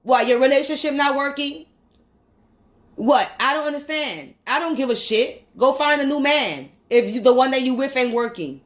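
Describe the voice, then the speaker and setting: A woman's voice: sits high, normal speed. A woman vlogger, ranting angrily and profanely, repeating her points. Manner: heated, profane, repeats herself. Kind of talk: angry rant to camera.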